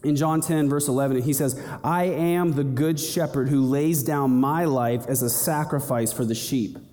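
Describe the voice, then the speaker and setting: A young man preaching a sermon in an animated way, acting out little scenes and voices as he goes. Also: medium pitch, normal speed. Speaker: pastor. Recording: long hall reverb.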